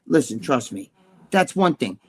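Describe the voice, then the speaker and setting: A middle-aged man, ranting loudly and profanely as a podcast co-host. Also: medium pitch, big pitch swings, slightly rough. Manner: loud, profane, fast-shifting rant.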